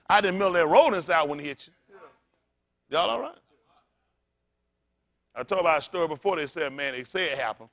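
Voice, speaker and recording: High bright-voiced pastor guy preaching, call and response, cussing and laughing a lot. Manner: loud call-and-response preaching, blunt and profane; animated, often laughing. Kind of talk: sermon.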